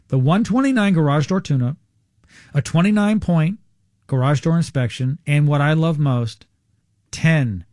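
A male radio show host making an on-air sales pitch, urgent and salesy, repeating key numbers slowly. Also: darkish tone, no echo, clean studio sound.

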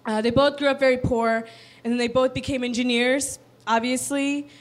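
A woman's voice: sits high, fairly even intonation, a little hiss or hum. Sarcastic young stand-up woman. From Virginia, United States. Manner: dry, sarcastic, quick asides. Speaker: stand-up comic. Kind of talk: stand-up comedy set.

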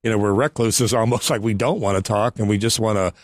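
Low-voiced male radio host, dry studio. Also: fast, no room sound. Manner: easygoing, chuckles often, talks business tips. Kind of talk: casual radio banter. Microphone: studio microphone.

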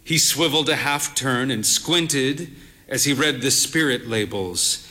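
A man reading a literary story aloud in a measured, wry, lyrical manner. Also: mid-range voice, bright, forceful tone. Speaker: narrator.

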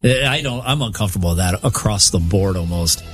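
A man's voice: low voice, expressive, fairly quick, slight background noise. A man with a wife and daughters, co-hosting a show and telling stories in casual, emphatic banter. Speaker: radio show co-host.

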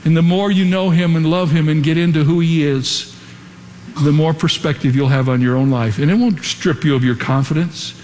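A man preaching a sermon in an earnest, measured way, building to emphatic repeated lines. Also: fairly high pitch, steady tone, a little mellow, a little hiss or hum. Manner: earnest preaching with dramatic pauses and quoted whispers. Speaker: pastor. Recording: long hall reverb, faint ambience.

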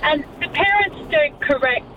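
A woman's voice: sits high, recorded from a distance, muffled recording, background noise. A woman working as a nanny calling in to a radio show, indignant and chatty with lots of "like" fillers. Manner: indignant, talks fast with "like" fillers. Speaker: caller, nanny. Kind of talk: phone-in chat.

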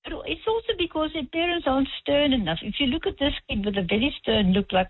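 A husky-voiced woman calls in to a radio show over a tinny phone line. She speaks a little high and her pitch moves a lot, and she tells her story slowly, with many pauses and ums. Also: sing-song, no room sound. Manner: measured, hesitant, with many ums. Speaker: caller.

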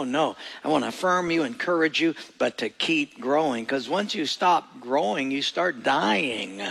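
A man's voice: a little high, gravelly, fairly bright tone. A male pastor giving a sermon with folksy jokes and emphatic, storytelling delivery.

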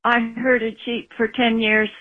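Unhurried female caller, husky phone voice. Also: on the high side, flat delivery. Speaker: caller, sheep herder. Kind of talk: phoned-in storytelling. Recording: phone line.

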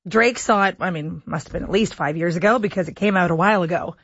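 A woman's voice: lowish voice, quick pace, slightly rough, no room sound. Playful female radio host. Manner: playful, joking, self-teasing. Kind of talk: casual radio chat. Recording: dull, dry studio radio sound.

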